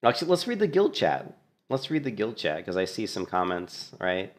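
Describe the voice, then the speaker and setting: A man casually commentating on a gameplay clip, animated and mocking, laughing often. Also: lowish voice, moderate pace. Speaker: gaming streamer.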